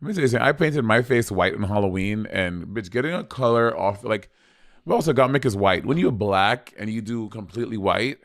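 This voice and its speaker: Campy gravelly man in his thirties. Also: on the low side, lively intonation, brisk, no room sound, studio quality. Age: 30s. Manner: campy, blunt, swears freely. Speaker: podcast co-host. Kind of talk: casual chat.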